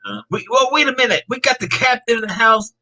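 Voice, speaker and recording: A man's voice: very high voice, expressive, fast, bright, forceful tone, rough recording. A man hosting a casual live-stream podcast chat, upbeat and reading out viewer comments. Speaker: podcast host.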